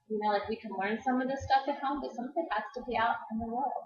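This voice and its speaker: Woman, parenting expert in casual chat; animated, acts out parent and child lines; higher voice, echoey lo-fi recording. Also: quick pace. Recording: roomy, dull lo-fi sound.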